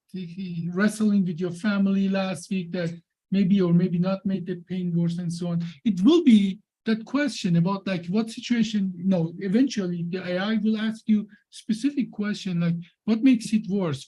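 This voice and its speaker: A man with a non-native English accent presenting a live software demo, halting with many fillers and restarts. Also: sits high, poor audio.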